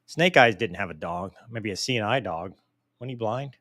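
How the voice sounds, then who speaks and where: A man's voice: on the low side, normal speed, dry recording, studio quality. Joking man reading viewer questions. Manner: joking, self-deprecating, animated. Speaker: host answering viewer mail. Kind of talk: casual live Q&A chat.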